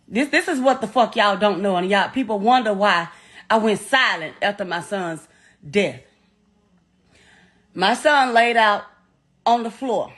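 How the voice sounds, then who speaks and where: In an interview, a middle-aged woman recounts her own story with raw emotion, blunt profanity and frequent repetition. Her voice is fairly high-pitched with a fairly bright tone.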